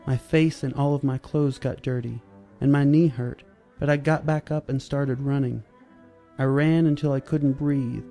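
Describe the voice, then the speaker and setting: Gravelly, dark-voiced man reading a story. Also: medium pitch. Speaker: narrator.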